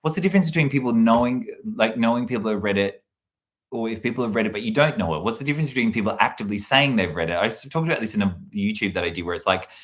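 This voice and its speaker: A man's voice: fairly low pitch, animated, rapid-fire. A man hosting a casual livestream into a handheld mic, rambling with restarts while reading chat aloud. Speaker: livestream host. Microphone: handheld microphone.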